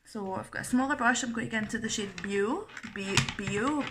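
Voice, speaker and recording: Bright-voiced woman chatting through makeup. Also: a little high, a little fast, a little hiss or hum. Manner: chatty, self-deprecating, laughs easily. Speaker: makeup artist. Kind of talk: casual makeup tutorial.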